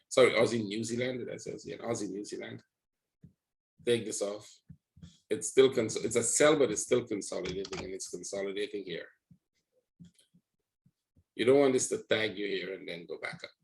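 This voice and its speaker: Low-voiced man talking through charts. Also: low-quality recording. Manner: rambling, talks to viewers with frequent "right?". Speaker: trading educator. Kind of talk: live chart walkthrough.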